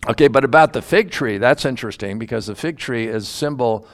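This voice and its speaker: A man's voice: mid-range voice, a little fast, a bit bright. A man teaching the Bible verse by verse in a conversational, musing way, openly admitting what he doesn't understand.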